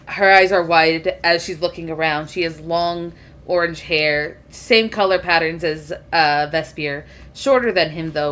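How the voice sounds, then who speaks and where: A woman running a tabletop game, laying out scenes in loose, descriptive narration with frequent fillers. Her voice sits on the low side. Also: a bit bright. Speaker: game master.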